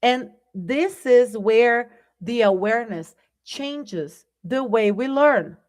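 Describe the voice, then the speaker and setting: Slow-speaking woman teaching English. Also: fairly high pitch, expressive, darkish tone. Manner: slow and deliberate, checks in with "right?". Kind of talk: live online English lesson.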